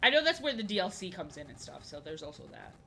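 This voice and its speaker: A woman's voice: fairly low pitch, sing-song, fast talker, vocal fry, pushed and bright, faint music behind, poor audio. Rambling young woman chatting while she draws. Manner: rambling, repeats herself, many fillers. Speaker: art streamer. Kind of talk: casual chat while drawing on stream.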